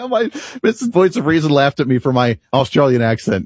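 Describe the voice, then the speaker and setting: A man's voice: medium pitch, expressive, fast talker, husky, dry recording. A man hosting a political talk radio show in the studio, speaking in an opinionated, brash and jokey way. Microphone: studio microphone.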